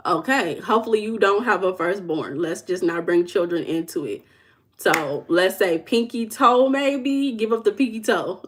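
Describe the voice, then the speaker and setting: A woman with a Southern US accent hosting a casual livestream as a life coach. She reads viewers' comments aloud and teases them playfully, drawing words out for emphasis. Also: on the low side. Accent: Southern US dialect. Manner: playful, teasing, drawls and slows for emphasis.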